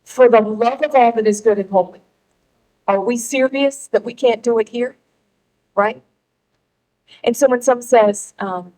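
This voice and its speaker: A middle-aged woman addresses a gathered audience in a rallying public speech. Her voice sits a little high, and she leans hard on key words with dramatic pauses between them. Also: a little mellow, rough recording. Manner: emphatic, rallying, with pauses for effect. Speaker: speaker at a political gathering.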